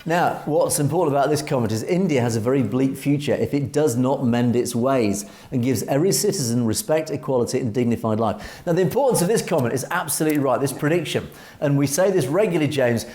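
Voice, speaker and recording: A man's voice: mid-range voice, animated, fast talker, warm tone. A man with an English accent co-hosting an opinionated commentary talk show, speaking emphatically, reading out viewer comments and often restarting his phrases. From Europe. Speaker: co-host.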